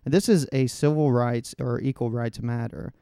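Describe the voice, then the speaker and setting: A podcast co-host, talking bluntly and sarcastically and swearing often. His voice is warm, smooth and resonant, and it sounds dry and close to the mic. He keeps to a casual chat style. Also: medium pitch, fairly even intonation, normal speed, dry recording.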